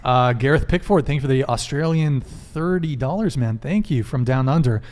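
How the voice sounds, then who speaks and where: A man hosting a live-streamed dating panel, briskly reading viewer messages aloud and joking with guests. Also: mid-range voice, lively intonation, a little mellow. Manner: brisk, reads donor messages aloud and jokes. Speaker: podcast host.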